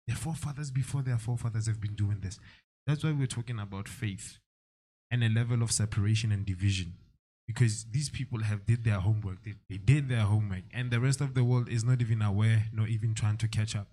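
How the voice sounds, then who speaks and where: A man with a low, dark, mellow voice makes his points in a podcast discussion. He talks emphatically and preachily, sometimes slowing right down on key words. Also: steady tone. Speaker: podcast co-host.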